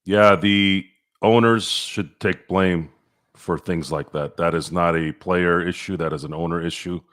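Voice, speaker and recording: A man with a very low, deep voice talks sports on a podcast. He is blunt and opinionated and doesn't mind getting crude. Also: fairly even intonation, measured pace, fairly bright tone. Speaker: podcast co-host. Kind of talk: casual sports chat.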